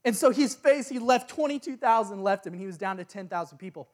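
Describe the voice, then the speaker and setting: A man preaching a sermon, telling a story in a lively, casual way with slang and excited exclamations. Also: high-pitched, fast talker.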